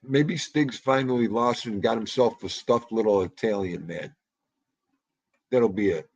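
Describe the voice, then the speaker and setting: Profane, rambling livestream host. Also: male voice, on the low side, a little slow, vocal fry, breathy edge, muffled recording. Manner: rambling, profane, joking banter. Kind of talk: casual livestream chat.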